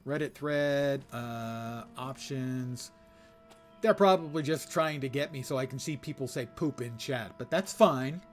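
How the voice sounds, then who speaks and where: An older man chats his way through a game stream in a wry, meandering way, poking fun at himself as he goes. His voice sits at a middling pitch, with faint game music underneath. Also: unhurried. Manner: wry, rambling, self-mocking asides. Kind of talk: live gameplay commentary.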